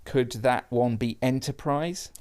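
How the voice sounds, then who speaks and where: A man's voice: medium pitch, measured pace, darkish tone, clear, resonant tone. A man co-hosting a podcast, chatting casually and playfully as he works through a crossword, laughing often. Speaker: podcast co-host. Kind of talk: casual chat solving a crossword.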